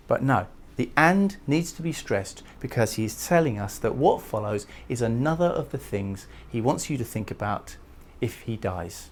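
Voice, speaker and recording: A man giving a recorded poetry lecture who reads verse aloud and talks with lively emphasis, pushing key words up in pitch and volume. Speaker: literature lecturer.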